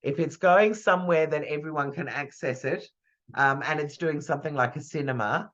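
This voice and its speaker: A man's voice: a little high, moderate pace, a bit bright. Man, PR coach, rambling friendly advice over a muffled video call line. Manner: chatty, hesitant, thinks aloud with fillers and restarts. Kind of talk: live online masterclass Q&A.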